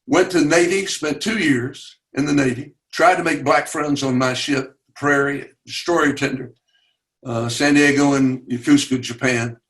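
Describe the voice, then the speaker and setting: A man's voice: medium pitch, fairly even intonation, fairly bright tone. Older Southern man telling stories. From Chattanooga, Tennessee. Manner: earnest, halting with fillers, voice rises at dramatic moments. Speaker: webinar guest speaker. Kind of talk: personal storytelling.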